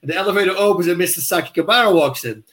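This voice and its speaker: A man with a notably high voice tells a short story in relaxed chat. He laughs along and slips into the voices of the people in his story. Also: rapid-fire. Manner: laughing, acts out quoted lines. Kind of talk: casual storytelling.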